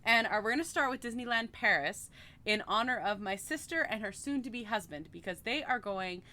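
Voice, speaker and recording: Bright, lively woman podcast co-host. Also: fairly high pitch, normal speed. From Canada. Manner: giggly, chatty. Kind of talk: casual chat.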